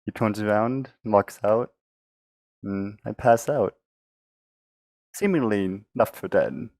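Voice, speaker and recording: A man playing a tabletop game, slowly telling his character's backstory with some stumbles. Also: on the low side, creaky, a little mellow, no room sound. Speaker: player.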